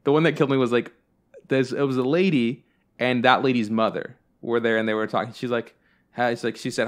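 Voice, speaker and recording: A man in a middle-pitched voice talks loosely on a podcast, meandering through stories with lots of "like" and "um". He swears freely and keeps things offhand and chatty. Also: steady tone, a little fast. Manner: rambling storyteller, swears freely, many fillers. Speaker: podcast host. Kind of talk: casual chat.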